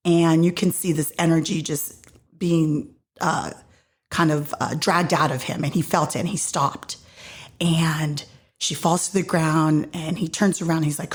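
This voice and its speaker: A woman's voice: low voice, steady tone, unhurried, husky. A woman hosting a podcast, casually retelling a faith story with many fillers and acted-out quotes. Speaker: podcast host.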